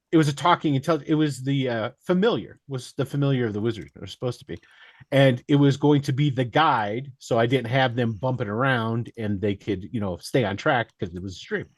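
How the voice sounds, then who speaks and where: A man's voice: mid-range voice, no echo, studio quality. A man in a casual chat telling a game master story, rambling and self-deprecating, laughing along the way. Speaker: dungeon master.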